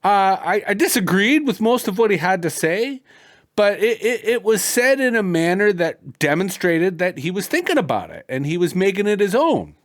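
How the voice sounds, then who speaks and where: A Canadian man hosts a podcast conversation, his voice swinging widely up and down as he talks. He hams it up, stumbling into quick restarts before landing his point. His voice sits a touch high for a man. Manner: animated and hammy, with stammered restarts. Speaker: podcast host.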